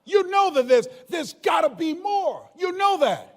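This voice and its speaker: An older man giving a motivational speech to a live audience, telling stories with emphasis, often shouting and laughing. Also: very high-pitched, expressive, a little slow. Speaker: motivational speaker. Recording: long hall reverb.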